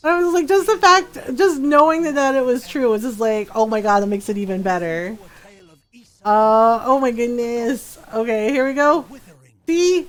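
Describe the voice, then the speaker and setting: A woman's voice: high-pitched, poor audio. A woman streaming a game, chatting casually, laughing often and acting out quotes from people she talks about. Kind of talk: casual gameplay chat.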